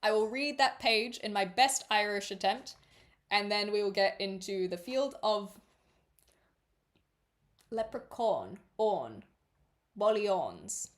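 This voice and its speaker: A woman's voice: mid-range voice, moderate pace. A woman streamer reading a book aloud on a livestream, giggly and stumbling over names.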